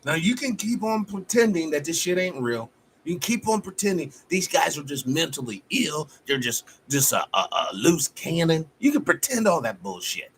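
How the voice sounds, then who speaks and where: Fiery, bright-voiced man preaching on a stream. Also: a little high, big pitch swings, moderate pace, a little hiss or hum. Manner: fiery, profane, preacher-like exhortation. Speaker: live stream host. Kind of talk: impassioned live-stream monologue.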